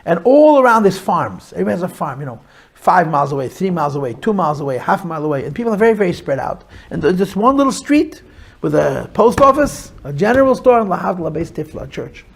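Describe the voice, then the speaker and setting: A middle-aged man, a rabbi, telling a story to a small group with animated emphasis, stretching words as he goes. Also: high voice, fast, creaky, slightly rough.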